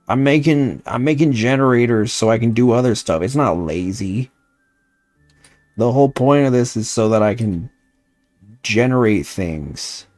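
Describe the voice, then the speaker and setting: With no echo, a man's low, slightly mellow voice comes through as he streams a modded game as a VTuber. It's casual livestream chat, with him griping about the game, responding to viewers, and swearing from time to time.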